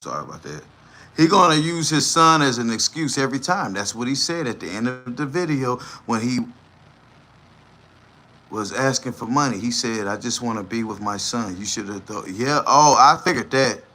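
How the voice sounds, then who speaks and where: A man's voice: medium pitch, animated, moderate pace, pushed and bright. A man hosting a livestream, giving blunt, profane and scornful reaction commentary. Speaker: livestream host.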